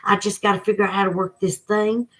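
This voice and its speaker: A woman's voice: mid-range voice, flat delivery, fast, fairly bright tone. Emotional Southern woman chatting with viewers. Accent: Southern American. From Southern United States. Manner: folksy, emotional, talks to viewers by name. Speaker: livestream host. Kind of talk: casual livestream chat. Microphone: phone.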